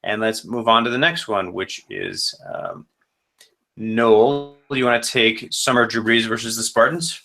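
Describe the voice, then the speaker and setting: A man's voice: medium pitch, animated, measured pace, vocal fry, sharp tone. A man who runs a fantasy football league, casually rambling through matchup predictions with self-corrections and joking asides.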